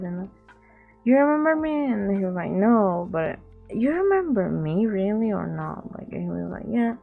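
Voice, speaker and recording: Gravelly young woman with a Latin accent. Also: mid-range voice, phone-quality sound. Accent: Latin American. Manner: rambling, repeats words, acts out quoted people. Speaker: vlogger. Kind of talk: casual storytime chat.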